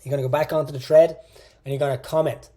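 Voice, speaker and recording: A man's voice: on the high side, flat delivery, fast talker, warm tone. A man teaching a coaching course in a casual, direct way, repeating phrases for emphasis. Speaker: fitness coach. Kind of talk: online coaching course lecture.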